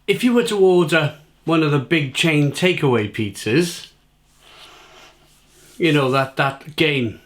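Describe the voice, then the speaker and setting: A man's voice: on the high side, expressive, slow pace, long pauses, a bit bright. A British man in his thirties chatting casually to camera as a food reviewer, repeating himself and talking while he eats.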